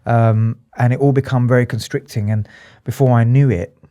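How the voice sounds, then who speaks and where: Earnest man, dark-toned voice. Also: medium pitch, fairly even intonation. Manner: earnest, emotional, halting with restarts. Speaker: psychotherapist and addiction specialist, guest. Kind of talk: candid interview talk.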